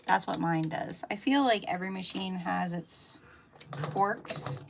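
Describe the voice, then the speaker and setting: Middle-aged woman, Pennsylvania Dutch accent, chatty sewing teacher; husky low voice, noisy background. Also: normal speed. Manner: chatty, thinking aloud while sewing. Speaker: sewing instructor. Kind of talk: live sew-along tutorial. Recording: noisy room with machine clicks.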